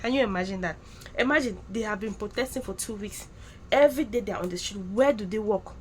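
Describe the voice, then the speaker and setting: A woman hosting a casual commentary vlog, animated and teasing. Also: mid-range voice, fast talker, slight background noise. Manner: animated, teasing, laughs at own jokes. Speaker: YouTube commentator.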